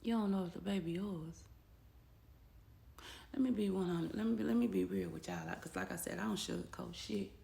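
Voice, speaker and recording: Gravelly-voiced woman telling her own story. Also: medium pitch, animated, a little fast, mellow. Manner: blunt and emotional, quotes others in dialogue. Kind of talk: personal storytelling vlog. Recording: echoey room with faint background noise.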